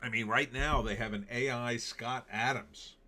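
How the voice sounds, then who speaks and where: A man's voice: mid-range voice, fairly even intonation, normal speed, sharp tone. A male host doing casual commentary in a sarcastic, rambling way. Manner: sarcastic, rambling, with frequent fillers. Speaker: show host. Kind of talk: casual political and movie commentary.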